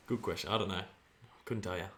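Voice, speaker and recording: A young Australian man hosting a livestream, giving excitable watch-along commentary on a football match and chatting with viewers. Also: deep voice, gravelly, a little hiss or hum. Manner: excitable, shouts at play, banters with chat. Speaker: livestream host.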